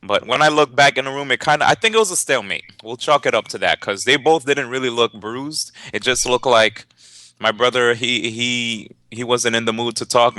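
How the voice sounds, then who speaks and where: A young man, a tournament organizer and commentator, casually telling a story in an interview, lively and laughing, with many fillers and restarts. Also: medium pitch, no echo.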